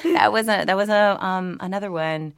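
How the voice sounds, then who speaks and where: A woman's voice: mid-range voice, moderate pace, vocal fry, clean tone, dry recording, studio quality. A woman from New Orleans, a voice actor guest in a casual interview, tells stories animatedly, laughs often and restarts sentences.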